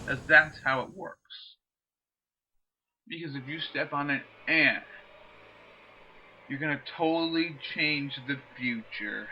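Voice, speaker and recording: A man's voice: a little high, slow pace, long pauses, bright, forceful tone, slight background noise, poor audio. A man hosting a gameplay video in casual commentary, rambling and drifting off topic. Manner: rambling, digressive, chatty. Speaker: let's play host.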